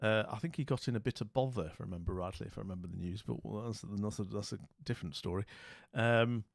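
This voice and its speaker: A man's voice: lowish voice, fast talker, gravelly, no echo, clean studio sound. A British man telling a casual anecdote as a channel host, rambling with lots of asides and self-mocking jokes. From Britain. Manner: rambling, chatty, full of asides and self-mockery.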